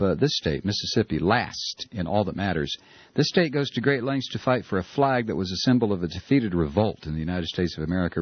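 Husky-voiced radio host. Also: male voice, lowish voice, no room sound, dull audio. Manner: hesitant, many uh fillers and restarts. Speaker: radio talk show host. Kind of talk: casual radio talk, reading listener emails.

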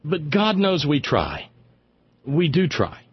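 A man hosts a radio talk show, offering sardonic, rambling political commentary and stumbling over repeated words as he gets worked up. His husky voice is on the high side with wildly swooping pitch, and he takes it slowly on a muffled recording.

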